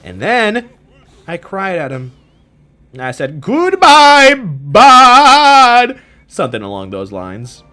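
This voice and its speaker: Rambling young man with lively pitch. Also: unhurried, pauses often. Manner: rambling, joking, bursts into loud yells. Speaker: gaming channel host. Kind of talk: casual gameplay commentary.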